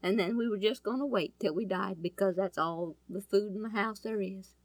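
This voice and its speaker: A woman's voice: medium pitch, normal speed, no room sound, voice pushed down, lightly acted. Woman voicing a meek worried poor widow.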